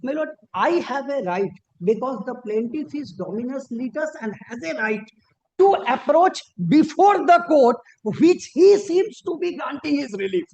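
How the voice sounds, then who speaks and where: A man arguing formally before a judge as an advocate, deferential and halting, with frequent restarts and emphatic rises on key points. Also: very high voice, expressive, vocal fry, darkish tone, muffled recording, slight background noise. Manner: deferential, peppered with repeated formal address to the bench. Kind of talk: formal courtroom argument. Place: courtroom.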